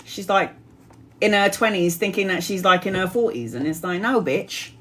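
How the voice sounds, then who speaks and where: A woman's voice: mid-range voice, normal speed, background noise. A woman, giving a live-stream tarot reading in a chatty, blunt way and laughing often. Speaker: tarot reader.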